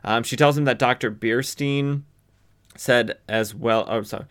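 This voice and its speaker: A man's voice: mid-range voice, a little slow, fairly bright tone, clean tone. A man from the western United States hosting a podcast, casually recapping a comic book with lots of fillers and self-corrections. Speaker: podcast host.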